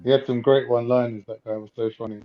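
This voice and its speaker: A man's voice: medium pitch, little pitch movement, fast talker, dull audio. A man with a North London accent in casual chat, telling stories animatedly.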